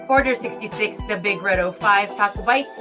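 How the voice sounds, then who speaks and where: Woman, podcast co-host, chatty, mid pitch, music bed behind. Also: normal speed. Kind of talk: casual podcast chat.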